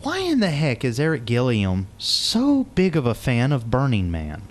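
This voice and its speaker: Lively, playful male radio host. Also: medium pitch, moderate pace. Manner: playful, laughing, teasing. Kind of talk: talk radio interview.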